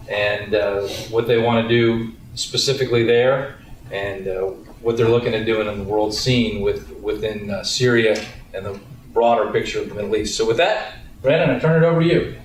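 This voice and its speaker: A man introduces a guest speaker, halting and restarting as he goes. His voice sits at a middle pitch. It is heard from a distance in a very reverberant hall with faint noise behind. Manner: halting, many fillers and restarts. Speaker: event introducer. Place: large lecture hall. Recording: echoey hall, mic far off.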